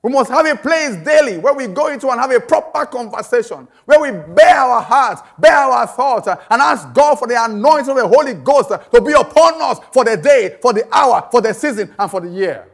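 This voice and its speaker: A man's voice: extremely high pitch, expressive, brisk, few pauses. A man preaching a sermon, emphatic, repeating phrases and asking rhetorical questions.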